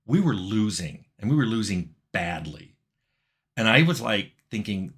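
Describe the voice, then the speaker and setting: A middle-aged man with a fairly low voice tells a tabletop game story in a relaxed, wry way. He chuckles now and then as he goes. He talks casually and directly to his listeners. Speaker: game developer telling a story.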